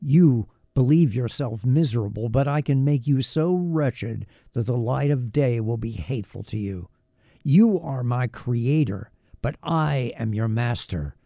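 A man voicing a wretched, bitter male creature made by a scientist, speaking in a slow, heavy, menacing way in an audiobook reading. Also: mid-range voice, expressive, gravelly, dark tone, no echo, clean studio sound. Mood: commanding.

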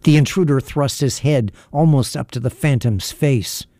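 A man narrating an audiobook in a measured, even manner. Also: mid-range voice, no room sound.

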